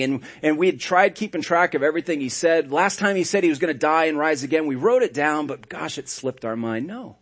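Male pastor, fairly high voice, animated sermon storyteller with dry sarcastic asides. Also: fairly quick, hardly any pauses. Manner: animated storytelling, swinging between hushed and loud.

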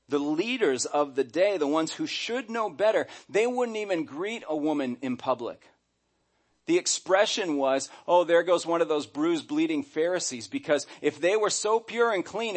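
A middle-aged man preaching a sermon as pastor, animated and acting out quoted voices. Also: fairly high pitch.

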